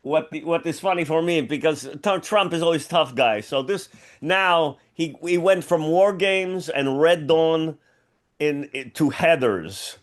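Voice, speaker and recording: A man's voice: fairly high pitch, measured pace. A man on a comedy radio panel, rambling and self-mocking, with lots of restarts. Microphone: studio mic.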